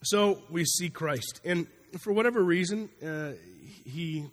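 Folksy preacher in a reverberant hall. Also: male voice, a little high, measured pace. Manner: conversational, folksy preaching with acted-out asides. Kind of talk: sermon.

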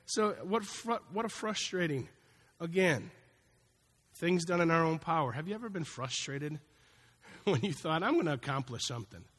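Guy preaching, kinda high voice, casual folksy sermon, lots of echo like a big church. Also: unhurried, a bit bright. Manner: conversational, folksy preaching with acted-out asides. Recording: long hall reverb.

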